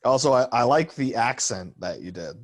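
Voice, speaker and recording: A man's voice: medium pitch, lively intonation, normal speed, no echo. A man co-hosting a podcast, answering with short, teasing reactions. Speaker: podcast co-host. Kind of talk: casual chat.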